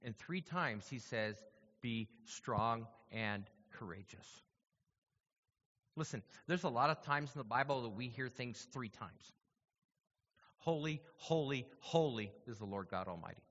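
A man's voice: medium pitch, sharp tone, in a large hall, dull audio. A man preaching a sermon, reading scripture aloud and then explaining it in a conversational teaching manner, often checking in with his listeners.

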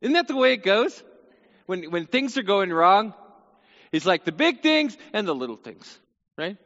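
High bright-voiced male preacher. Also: big pitch swings, unhurried, long reverb tail, dull audio. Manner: conversational preaching with dramatic scripture reading. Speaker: pastor. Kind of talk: sermon.

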